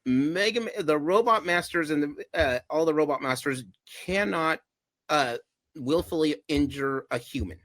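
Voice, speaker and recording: A man's voice: on the high side, normal speed, fairly bright tone, no echo. A man hosting a casual gaming podcast, retelling game history with frequent laughter and rambling asides. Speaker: podcast host. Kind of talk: casual chat.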